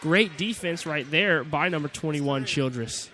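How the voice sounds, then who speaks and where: Young male play-by-play announcer, slightly high voice, rapid clipped calls with shouted peaks, noisy gym. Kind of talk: amateur basketball play-by-play commentary.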